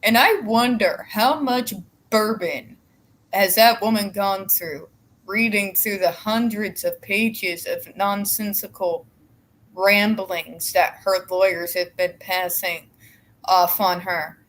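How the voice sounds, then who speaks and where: A woman's voice: medium pitch, takes it slowly, a bit bright, slight background noise, rough recording. A woman co-hosting a casual livestream, blunt and sarcastic, swearing casually.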